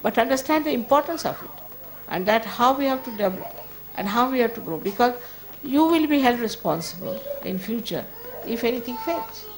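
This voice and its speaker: Chiding spiritual teacher, a higher female voice. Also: expressive, brisk, slight background noise. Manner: conversational, firm and chiding, often laughing. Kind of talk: informal spiritual talk to an audience.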